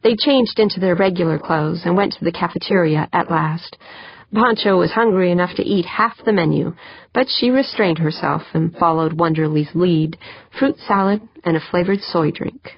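A woman narrating a novel in a steady, measured way. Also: fairly low pitch, breathy edge, dry recording. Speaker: audiobook narrator. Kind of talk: scripted narration. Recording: dull lo-fi dry.

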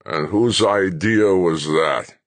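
A failing old general croaks out his words in a slow, slurred, cranky voice, as a male narrator puts him on. It sits higher and louder than the reader's own deep tone, with a husky edge in a dry, close sound. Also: animated, dry recording, full character voice. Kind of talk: audiobook character voice.

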